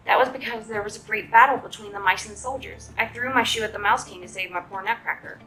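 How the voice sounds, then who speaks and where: A woman's voice: mid-range voice, fast, bright, forceful tone, faint music behind, lightly acted. A woman voicing an earnest, anxious young girl in a storybook reading, with a pleading tone.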